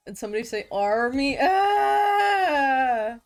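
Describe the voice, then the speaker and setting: A woman chatting casually on an art stream, playful and self-mocking, quick to laugh at her own jokes. Her voice sits a little high and she talks at an unhurried pace. Faint music plays underneath. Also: a little mellow. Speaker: vtuber streamer.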